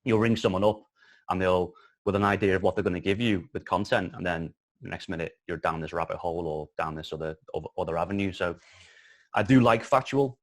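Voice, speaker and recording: A man's voice: low-pitched, fairly quick. A man in his thirties with a Liverpool accent, chatting casually as an interview guest, rambling with lots of restarts and the odd swear. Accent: Liverpool (Scouse). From Liverpool, England. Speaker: guest, filmmaker.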